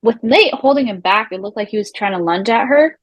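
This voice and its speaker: A woman's voice: a little high, brisk, no room sound, poor audio. Woman chatting in a dry, close sound. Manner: animated, swears casually, mimics the people she quotes. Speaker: recap show co-host. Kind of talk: casual TV recap chat.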